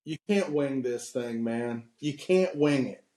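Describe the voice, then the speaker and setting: A man's voice: medium pitch, expressive, measured pace, mellow, echoey room. A man in his fifties, a podcast guest, telling candid stories with frequent laughs and giving preachy advice. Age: 50s.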